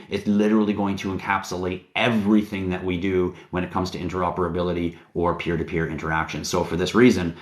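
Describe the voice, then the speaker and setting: Guy, low voice, rambling and hyped, cusses casually on his livestream. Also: roomy sound. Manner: rambling, hype-driven, casually profane. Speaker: livestream host and company founder.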